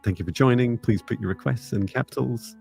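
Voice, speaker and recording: A man co-hosting a live psychic reading stream, talking calmly and reassuringly and calling out to viewers. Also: medium pitch, fairly quick, vocal fry, faint music behind. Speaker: psychic reader, livestream co-host.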